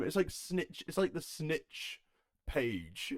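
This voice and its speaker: Recorded at home yet sounding clean and studio-grade with no room sound, this solo podcast comes from a young Herefordshire man. His mid-range voice has a sing-song quality, and he takes his time. He hosts casually, cracking jokes and frequently laughing and cursing.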